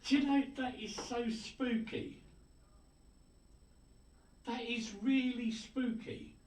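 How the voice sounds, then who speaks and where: A man hosting a radio show, chatting casually and jokingly as he reads out listener greetings. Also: slow pace. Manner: jokey, chatty, with lively swings of pitch. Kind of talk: casual on-air chat, reading listener messages. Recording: roomy, distant mic with faint noise.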